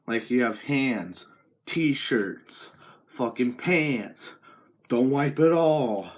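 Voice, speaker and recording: A teenage boy in a crude, profane comedic rant to camera, with a mocking deadpan drawl. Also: medium pitch, slow. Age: teens. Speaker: vlogger.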